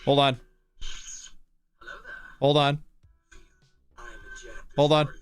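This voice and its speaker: A man's voice: on the high side, monotone, very slow, clean tone, soft background music. A man from Canada, a streamer in casual live-stream chat, bubbly and playful with a lot of laughter.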